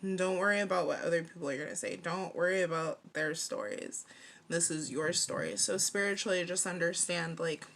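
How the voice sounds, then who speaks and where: A woman's voice: fairly low pitch, fairly quick, gravelly, fairly bright tone. A woman in her thirties giving a casual tarot reading to camera, chatty and playful, leaning on "like" and laughing often. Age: 30s. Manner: chatty, fillers of "like", frequent laughter, playful slang. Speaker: tarot card reader.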